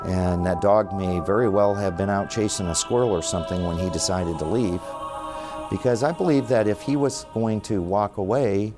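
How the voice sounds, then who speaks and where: Deep man, calm explainer, music under him, documentary interview. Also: moderate pace. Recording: music bed behind interview.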